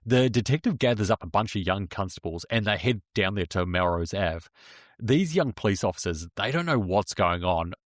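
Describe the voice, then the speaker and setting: A man's voice: fairly low pitch, expressive, normal speed, no room sound, clean studio sound. A man co-hosting a true crime podcast, telling the story casually, swearing and joking. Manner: swearing, joking, laughs often. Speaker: podcast co-host.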